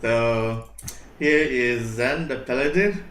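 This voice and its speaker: A man's voice: medium pitch, measured pace, bright, forceful tone. A man taking part as a player, hesitant and laughing as he talks. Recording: roomy echo.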